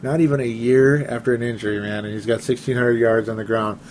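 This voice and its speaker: A man's voice: medium pitch, steady tone, quick pace, darkish tone, slight background noise. A young man hosting a casual sports talk show, rambling and laughing often as he reads listener comments. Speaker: podcast host.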